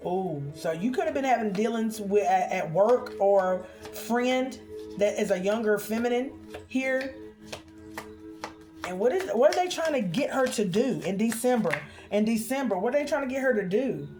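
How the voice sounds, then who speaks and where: A woman doing a spiritual card reading for her viewers, expressive and chatty, calling them honey and y'all. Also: a little high, normal speed, faint music behind.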